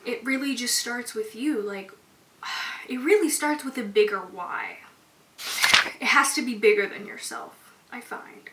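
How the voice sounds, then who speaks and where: A young woman hosts her own podcast, speaking in a slightly high, sing-song voice at a measured pace. Her casual, candid monologue is open and emotional, full of "like." The recording sounds roomy and echoey, with a distant mic and faint hiss.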